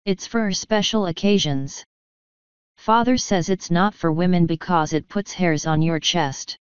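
A determined young girl speaks sharply and insistently , as a woman reader voices her. The delivery is slow and very clean. The recording is dry and a little dull. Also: fairly low pitch, smooth, dry recording, lightly acted. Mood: matter-of-fact.

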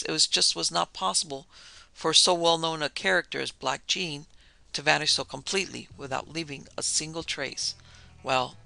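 A man tells an old first-person tale in a podcast narration, lightly shading the lines of the people in the story. His voice sits a little high and rings very bright. A gravelly fry runs under his words. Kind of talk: scripted narration of a vintage tale.

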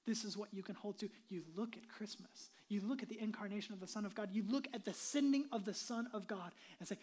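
A woman pastor giving an earnest, conversational sermon, dropping into a soft hushed delivery on solemn points. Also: mid-range voice, fast talker, hardly any pauses. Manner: earnest, conversational preaching with many "like" asides.

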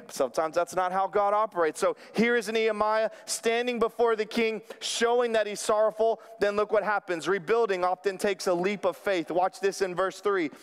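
A man, a pastor delivering an animated sermon to a young adult congregation. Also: high voice, clean tone. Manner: animated, drops to near whisper at times. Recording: long hall reverb.

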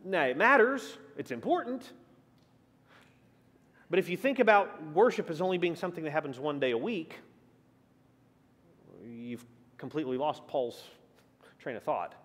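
A man's voice: on the high side, in a large hall. A man teaching a church class in a conversational way, asking the group questions and shifting his emphasis often. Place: church meeting room.

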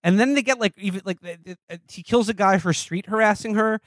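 A man's voice: high voice, fast talker, fairly bright tone, no room sound, clean studio sound. A man co-hosting a podcast, reviewing a film in rambling, sarcastic casual chat. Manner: rambling, sarcastic, acts out scenes in silly voices. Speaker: podcast co-host.

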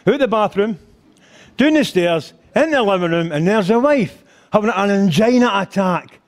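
A man's voice: high-pitched, moderate pace. An older man with a Scottish accent telling crude stories in a live stand-up routine, mimicking voices and humming tunes. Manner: animated storytelling, crude, mimics voices and sings band intros. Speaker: stand-up comedian. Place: rugby club function hall.

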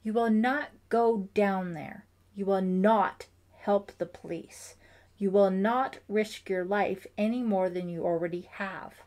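A distraught middle-aged father in an audiobook, protective and grieving, as read by a woman narrator. He speaks emphatically and slowly, with a pained, pleading weight. His pitch sits mid-range. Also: fairly even intonation, darkish tone, lightly acted. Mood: stern.

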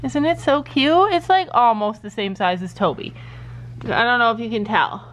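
A woman's voice: fairly high pitch, lively intonation, normal speed. A middle-aged woman vlogging at home, chatting casually and cooing playfully at her pets. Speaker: family vlogger. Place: family home, indoors.

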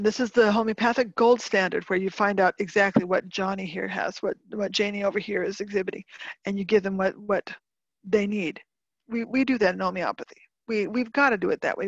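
A woman's voice: mid-range voice, dry recording. A woman giving a homeopathy webinar presentation, earnest and emphatic, repeating her key points. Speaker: homeopathy lecturer. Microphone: video call microphone. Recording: dull, lo-fi webinar audio.

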